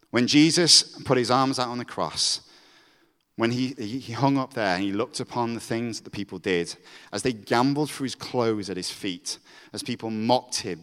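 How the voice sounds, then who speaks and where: A man's voice: lowish voice, a bit bright. A man preaching a storytelling sermon, acting out the characters' voices as he goes. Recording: reverberant hall.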